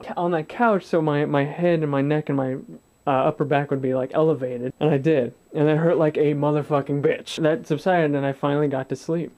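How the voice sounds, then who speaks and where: A man's voice: a little high, a little mellow. Guy in his 20s telling a story, swears a lot, acts out the dialogue. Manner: blunt and profane, swears freely, acts out dialogue. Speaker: vlogger. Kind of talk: casual storytelling to camera.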